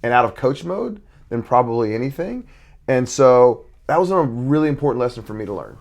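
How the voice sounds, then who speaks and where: A man's voice: medium pitch, animated, brisk, creaky, darkish tone. A man talking as a podcast guest about being a father and youth coach, earnest and reflective, often restarting his sentences. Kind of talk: podcast conversation.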